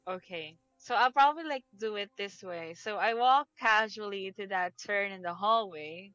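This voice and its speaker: A woman's voice: medium pitch, normal speed, bright, forceful tone, no room sound, highs cut off, soft background music. A woman playing a tabletop role-playing game over voice chat. She describes her character's actions in a chatty way, with many fillers and a lot of laughing. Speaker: player.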